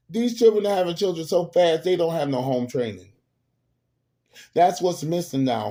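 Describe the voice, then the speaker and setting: A man hosting a show, telling family stories in a casual, animated and emphatic way with salty humor. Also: on the high side, normal speed. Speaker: host. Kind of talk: casual storytelling monologue.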